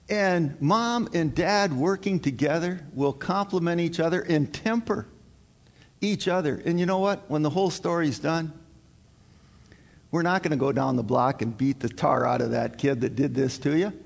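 A man's voice: a little high, normal speed, vocal fry. A male pastor preaching a sermon to his congregation in an earnest, emphatic way, repeating his key points. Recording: long hall reverb.

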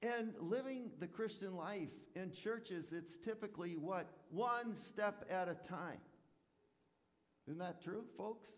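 A man's voice: high-pitched, slow, big-room sound. A man preaching a sermon as a pastor, talking conversationally with rhetorical questions and acted-out asides.

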